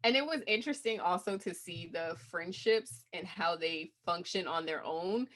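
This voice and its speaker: A woman's voice: lowish voice, normal speed, fairly bright tone. A woman co-hosting a casual podcast chat, talking loosely with lots of "like" fillers. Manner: chatty, many fillers like "like". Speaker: podcast co-host.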